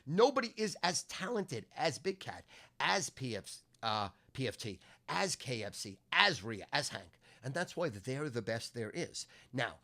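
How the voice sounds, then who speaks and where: A sports handicapper and podcast host delivers a profane, ranting monologue in loud, crude bursts, very animated yet a little slow, with vocal fry. He swings between low grumbling and shouting, and his voice is going hoarse.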